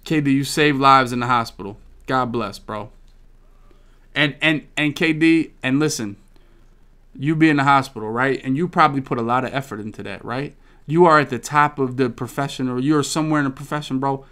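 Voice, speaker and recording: A man's voice: mid-range voice, brisk, smooth. A man hosting a gaming podcast, talking casually with a lot of swearing and rambling stories. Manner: profane, rambling, animated storytelling. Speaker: podcast host.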